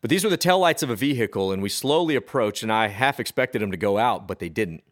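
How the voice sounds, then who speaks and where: A man's voice: fairly low pitch, animated. A man from the Austin area, telling a spooky story on a podcast in a chatty, meandering way. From Texas, Austin area. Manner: chatty, drawn-out, with fillers and restarts. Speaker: podcast co-host. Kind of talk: casual storytelling of a spooky true tale.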